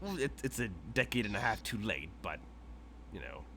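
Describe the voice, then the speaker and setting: A man's voice: fairly low pitch, sing-song, normal speed, bright, forceful tone, a little hiss or hum. A man hosting and running a tabletop game, joking and laughing often while he narrates his character. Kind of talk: casual tabletop game chat.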